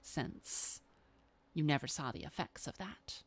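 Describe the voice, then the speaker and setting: A woman voicing a cryptic, coaxing female vampire who talks in a soft, half-whispered, drawn-out way. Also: sits low, lively intonation, breathy edge, exaggerated voice.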